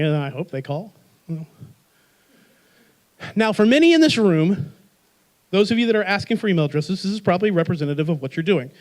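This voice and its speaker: A man giving a live marketing workshop, energetic and joking, quizzing the audience with rhetorical questions. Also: sits high.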